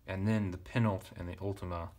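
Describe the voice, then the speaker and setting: Deep-voiced man teaching ancient Greek. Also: fairly even intonation, fairly quick, darkish tone. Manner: thinking aloud, self-correcting, casual asides. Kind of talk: relaxed verse-by-verse parsing lesson.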